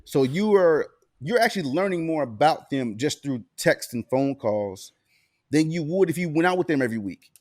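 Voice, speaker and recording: Animated Alabama man, casual storyteller. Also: fairly high pitch, normal speed, dry recording, studio quality. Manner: laid-back, profane storytelling with laughs. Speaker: podcast co-host. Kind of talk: casual chat.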